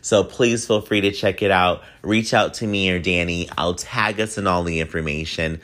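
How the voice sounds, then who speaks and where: A man's voice: low voice, normal speed, fairly bright tone. A man hosting his own podcast, signing off in a casual, playful way with swooping emphasis. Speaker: podcast host.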